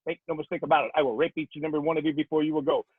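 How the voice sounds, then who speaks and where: A man voicing a foul-mouthed male Marine drill instructor who yells insults in a clipped cadence, heard over a tinny phone-like line. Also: a little high, steady tone, rapid-fire, slightly rough, no room sound. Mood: barking.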